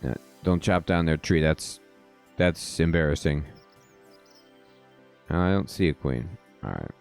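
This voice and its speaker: A man's voice: a bass voice, unhurried, creaky, soft background music. A man giving casual, wry commentary while playing a game at home. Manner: wry, amused asides. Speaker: let's play host. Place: home gaming setup.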